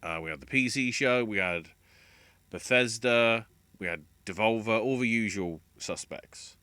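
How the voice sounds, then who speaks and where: A man's voice: fairly low pitch, unhurried, sharp tone, clear, resonant tone, no echo. A man hosting a gaming channel, rambling casually and correcting himself as he talks through gaming news. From United Kingdom. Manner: rambling, self-correcting, chatty. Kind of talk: casual solo gaming commentary.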